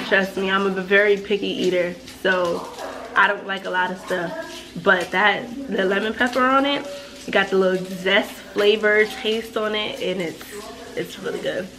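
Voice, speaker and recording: A woman, chatting casually to her vlog viewers and telling a story with easy laughter. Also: mid-range voice. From New York. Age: 20s. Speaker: vlogger. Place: car and home.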